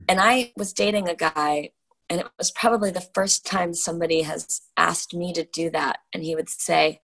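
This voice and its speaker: A woman's voice: on the low side, steady tone, normal speed, vocal fry, fairly bright tone, low-quality recording. A middle-aged woman, an exercise instructor, talking earnestly and encouragingly in casual chat. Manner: earnest, encouraging, repeats words. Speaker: fitness instructor.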